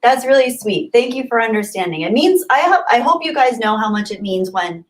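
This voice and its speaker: A woman's voice: fairly high pitch, lively intonation, brisk. A woman hosting a casual livestream, reading viewer comments aloud and answering them in an earnest, thankful, rambling way with many fillers. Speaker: YouTube livestream host.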